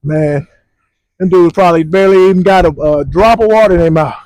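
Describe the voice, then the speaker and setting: A man co-hosting casual sports talk, animated and slangy, telling it like a story. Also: high voice, fairly quick, low-quality recording. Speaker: sports podcast co-host.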